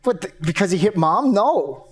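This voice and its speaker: An actor playing James, a young man questioned by his lawyer after his father's death, in a flat, guarded, matter-of-fact way. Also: high-pitched, moderate pace. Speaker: accused son. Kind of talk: stage play acting.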